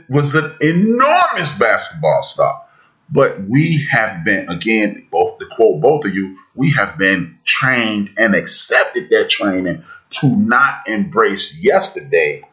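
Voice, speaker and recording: A man hosting a podcast discussion, talking in an emphatic, preacherly way that builds to loud peaks. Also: fairly low pitch, lo-fi sound. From United States. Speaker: podcast host.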